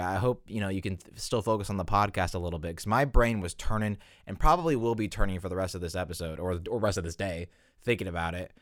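A young man hosting a solo podcast, rambling and animated in a casual rant full of fillers. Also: fairly low pitch, dry recording, studio quality. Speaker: podcast host.

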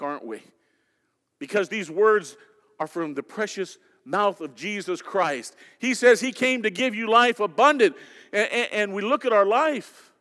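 A man's voice: sits high, a bit bright. A man preaching a sermon as pastor, quoting scripture and asking the congregation direct questions with emphatic delivery. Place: church sanctuary. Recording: long hall reverb.

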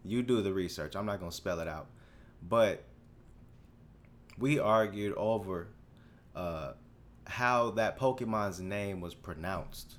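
A man in his twenties hosting a solo podcast, rambling through a story in a casual, profane, animated way, full of restarts. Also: deep voice, slow pace, long pauses. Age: 20s. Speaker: podcast host.

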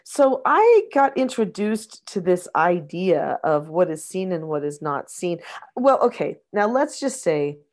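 A woman's voice: lowish voice, big pitch swings, a little slow, darkish tone. A middle-aged woman, a mother, talking casually and reflectively about parenting, explaining her ideas with frequent restarts. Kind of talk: casual conversational advice.

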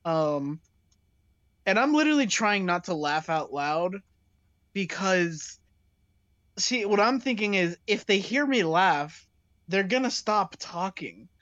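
A woman's voice: medium pitch, lively intonation, slow, pauses often, a bit bright, no room sound. A young woman telling a funny story in casual chat, laughing often and using lots of fillers. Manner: giggly, storytelling with many fillers. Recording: dull lo-fi dry sound.

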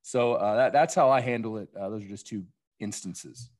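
Dad and coach telling stories. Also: male voice, on the low side, moderate pace, a little mellow. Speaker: dad and youth baseball coach. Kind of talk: casual podcast conversation.

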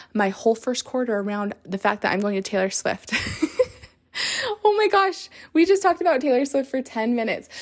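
A woman in her thirties hosting a podcast, telling a story in an excitable, chatty way full of fillers. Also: a little high. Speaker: podcast host. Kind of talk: casual chat.

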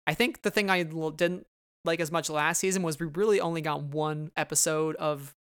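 Host, middle pitch, smooth and crisp, lively and acts out quotes. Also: normal speed, no room sound, studio quality. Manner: animated, quotes scenes in voices. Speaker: podcast host. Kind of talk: casual chat.

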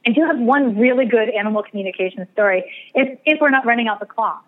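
A woman's voice: fairly high pitch, fast. Chatty woman on a tinny line. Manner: chatty, rambling, self-deprecating. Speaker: astrologer and psychic medium guest. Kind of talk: casual storytelling interview. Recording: tinny phone-like radio line.

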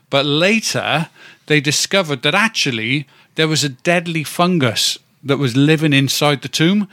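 Bright-voiced man in his fifties. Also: mid-range voice, dry recording, clean studio sound. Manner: rambling, stumbles over words, swears casually. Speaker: podcast co-host. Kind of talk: casual chat.

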